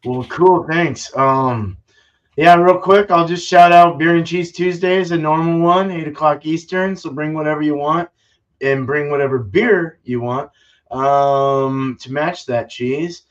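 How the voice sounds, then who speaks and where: A man's voice: on the high side, a little slow. A man hosting a casual home-brew live stream, talking loosely with lots of fillers and swearing. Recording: dull lo-fi stream audio.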